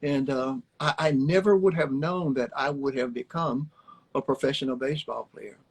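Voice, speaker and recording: Older husky-voiced man telling stories. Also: medium pitch, moderate pace, poor audio. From Alabama, USA. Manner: folksy, rambling, repeats words, chuckles. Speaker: former baseball player, guest. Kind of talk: storytelling interview chat. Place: home, on a livestream. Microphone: phone on a live video stream.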